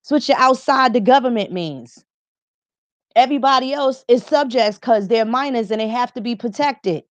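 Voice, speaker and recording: A woman's voice: a little high, no echo, highs cut off. A woman hosting a livestream, talking in an emphatic, rambling, heavily profane monologue. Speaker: livestream host.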